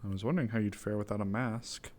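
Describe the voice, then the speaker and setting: A man's voice: fairly low pitch, steady tone, quick pace, a little mellow. A man playing a tabletop role-play game, trading playful, teasing in-character banter. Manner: playful, teasing, bursts into laughter.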